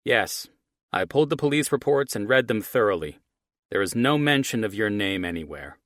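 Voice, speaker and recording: A man's voice: lowish voice, animated, normal speed, fairly bright tone, dry recording, clean studio sound, pitched above the performer's own voice. A man voicing a scheming male character who talks on the phone in a clipped, businesslike way. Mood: tense.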